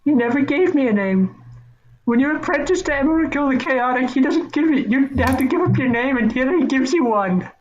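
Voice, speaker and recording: A game master voicing a tiny, timid male gnome apprentice in oversized robes with a high, squeaky, whiny voice. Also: animated, brisk, slight background noise. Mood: explaining. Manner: whiny and clingy. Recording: dull lo-fi recording.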